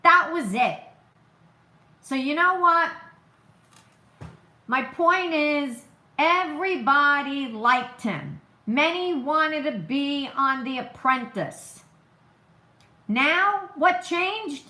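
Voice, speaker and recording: Woman, accent, live-stream host, slow deliberate delivery, emphatic, repeats herself, rhetorical questions, roomy echo. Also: high voice, animated, bright, forceful tone. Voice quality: has a noticeable accent. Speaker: political livestream host. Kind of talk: opinionated live-stream talk.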